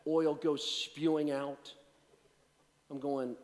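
A man preaching in a long-echoing hall, his voice sitting a little high for a man. He rises into emphatic, driving points, then drops to a hushed, joking, conversational storytelling tone. The warm humor is self-deprecating and plain-spoken. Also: measured pace. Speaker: pastor. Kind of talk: sermon with personal storytelling.

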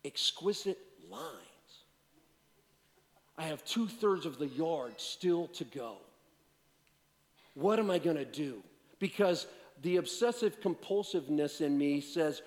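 A pastor giving a sermon, moving between loud, emphatic preaching and quiet, self-deprecating storytelling. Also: male voice, fairly high pitch, lively intonation, slow, in a large hall.

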